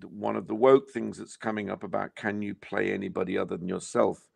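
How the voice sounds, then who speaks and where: A man's voice: lowish voice, fairly even intonation, fairly quick, creaky, husky, no echo, studio quality. An older English man, an actor being interviewed, talking in a reflective, rambling way with many fillers. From England. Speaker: actor guest. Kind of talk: casual interview chat.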